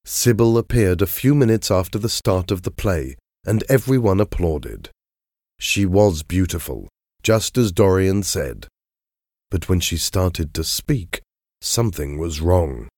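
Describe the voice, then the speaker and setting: A man narrating a story in a measured, expressive reading. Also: low-pitched, dry recording, clean studio sound.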